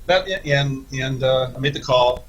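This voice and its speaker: A man's voice: mid-range voice, fairly even intonation, a little slow, dull audio, slight background noise. A man, a podcast guest, telling a long, profane story in a rambling, casual way, with many restarts.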